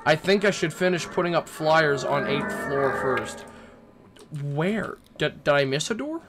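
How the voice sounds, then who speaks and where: A man's voice: a little high, lively intonation, unhurried, over music. Jittery young man rambling through a horror game. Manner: nervous, rambling, swearing, talking to game characters. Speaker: gaming YouTuber.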